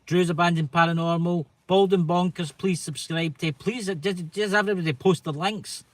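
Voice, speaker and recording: A man's voice: high-pitched, steady tone, normal speed. A man with a Scottish accent hosting a casual livestream chat, teasing his co-host and talking straight to viewers. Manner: chatty, teasing, addresses viewers directly.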